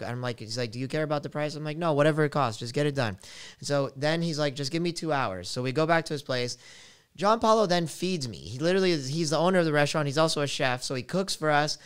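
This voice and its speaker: A young man hosting a podcast, telling a travel story in an animated, casual way with lots of fillers. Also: a little high. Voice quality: very clear voice.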